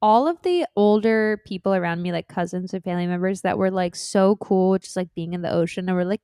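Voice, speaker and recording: A young woman from Florida co-hosts a podcast at a desk mic, telling stories in a lively, chatty way. She often slips into quoting her own past lines. Her voice sits in the middle of the range, and the sound is close and dry. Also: mid-range voice, brisk, few pauses, clean tone, dry recording. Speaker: podcast co-host. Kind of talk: casual chat. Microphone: desk mic on a stand.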